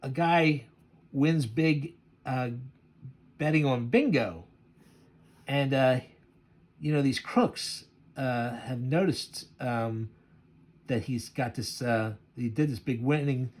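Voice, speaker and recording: A man's voice: mid-range voice, a little mellow. Chuckling man reviewing a comic. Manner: chuckling, halting with fillers. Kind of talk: casual commentary.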